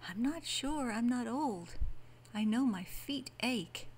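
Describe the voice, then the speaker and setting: A woman voicing a weary, wondering wanderer in a storybook, speaking softly and slowly. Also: fairly high pitch, animated, a little hiss or hum, voice pushed up. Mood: wistful.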